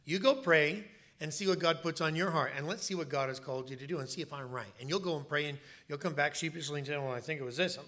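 Forceful, bright-voiced male pastor preaching. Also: a little high, quick pace. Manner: emphatic, storytelling, repeats words for stress. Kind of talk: sermon. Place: church.

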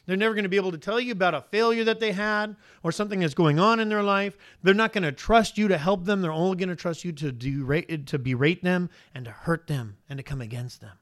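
A man who is a father, preaching as a pastor in an animated style, peppering the congregation with rhetorical questions. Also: high-pitched, quick pace, few pauses. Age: adult father. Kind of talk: sermon.

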